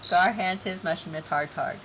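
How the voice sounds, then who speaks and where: A woman's voice: lowish voice, moderate pace, a bit bright, a little hiss or hum, rough recording. A woman live-streaming an online game event, chatty and giggly, reading game text aloud.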